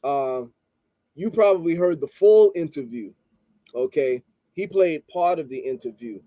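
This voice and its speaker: A man telling a story in a casual monologue, rambling and repeating "you know" and "blah, blah", calm and measured. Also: on the high side, dry recording. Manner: calm and measured, stresses listening before responding. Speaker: channel host and street vendor.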